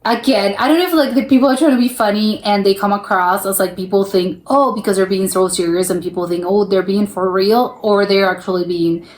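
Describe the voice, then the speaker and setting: A woman's voice: mid-range voice, quick pace, hardly any pauses. A woman hosting a reaction channel, giving a casual, rambling, hesitant intro with nervous laughter. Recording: roomy echo.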